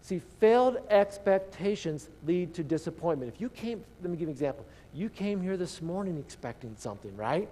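A man preaching a sermon in a conversational, animated way, acting out the people in the story. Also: sits high, a little fast, hardly any pauses. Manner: conversational, animated, acts out quotes. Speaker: pastor.

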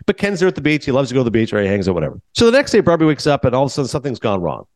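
A man in his forties from Canada hosts a podcast in relaxed chat. He tells his stories at a quick clip and acts out what he said along the way. The sound is dry and close, with no room echo. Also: mid-range voice. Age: 40s. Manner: animated storytelling, acting out his own asides. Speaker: podcast host. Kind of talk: casual chat.

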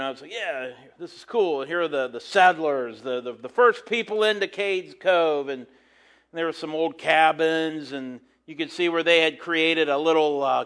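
A man's voice: fairly high pitch, a bit bright. A middle-aged man, a pastor, telling a rambling story from the pulpit with many fillers and restarts. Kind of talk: casual sermon storytelling.

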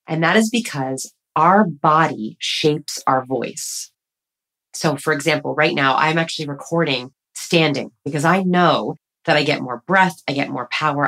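A woman author, a podcast guest, talking casually and energetically, explaining her ideas in a playful way. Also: sits low. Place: standing while recording.

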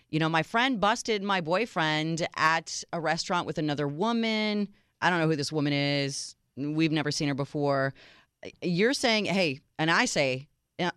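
A woman co-hosting a casual dating-advice show, animated, jumping high in pitch when she acts out quotes. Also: clear, resonant tone, no echo, studio quality. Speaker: co-host. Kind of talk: casual podcast chat.

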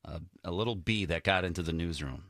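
A man's voice: sits low, fast talker, a bit bright, no room sound, studio quality. A man co-hosting a casual podcast, joking and guessing aloud with a hesitant manner. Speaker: co-host.

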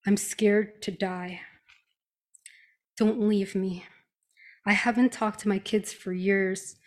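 A woman's voice: on the high side, a bit bright. A woman performing a spoken-word piece at a live reading, reciting plaintive, repeated complaints in a patient's voice. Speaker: reader at a live reading event.

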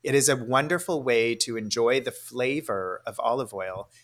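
A man with a medium-pitched voice chats on a podcast with easy enthusiasm. He sets up his questions with long, friendly preambles. The tone is relaxed, casual conversation. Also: moderate pace. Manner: chatty, enthusiastic, asks leading questions. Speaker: podcast co-host. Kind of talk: casual chat.

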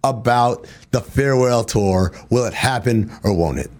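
A man's voice: medium pitch, unhurried, darkish tone. A man hosting a sports talk show, laying out playful bets and teasing his co-host. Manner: playful, teasing, laughs often. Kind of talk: casual sports talk banter.

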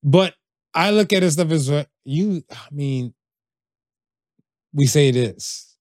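A man's voice: on the high side, expressive, slow, a little mellow, no room sound, studio quality. A man from Canada co-hosting a podcast in casual chat, slangy and rambling with lots of fillers and restarts. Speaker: podcast co-host.

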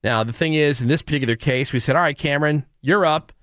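A man's voice: a little high, fast, a bit bright, dry recording, studio quality. A man hosting a radio show, telling a story in casual banter and laughing often.

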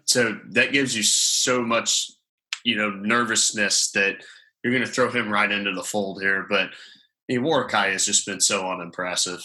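A man's voice: fairly low pitch, steady tone, unhurried, pushed and bright, rough recording. A man co-hosting a casual sports podcast, joking and teasing the others. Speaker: podcast co-host.

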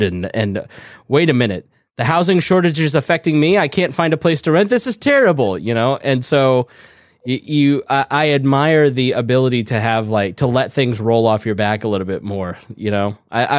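A man's voice: medium pitch, animated, fairly quick, no echo, studio quality. A man co-hosting a casual podcast chat, rambling and self-interrupting in a playful way. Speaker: podcast co-host.

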